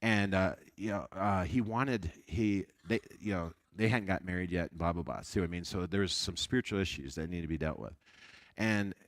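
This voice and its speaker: Low-voiced man telling a sermon story. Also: moderate pace, no echo. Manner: chatty, animated storytelling with frequent restarts. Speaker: evangelist preacher. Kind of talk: storytelling Sunday school sermon.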